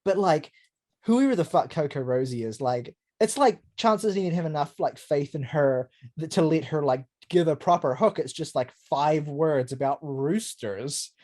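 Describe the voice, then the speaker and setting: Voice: mid-range voice, animated, moderate pace, mellow. A podcast co-host in casual album review chat, talking in an emphatic, rambling way with blunt swearing.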